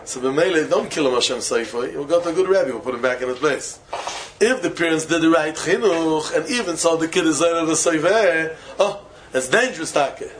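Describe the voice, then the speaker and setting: A man, a rabbi, giving a Torah lecture in English full of Yiddish and Hebrew terms, with non-native phrasing, slowing to chant key phrases and breaking into sudden high exclamations. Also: a little hiss or hum, low-quality recording. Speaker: rabbi teaching students. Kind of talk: Torah lecture to young men.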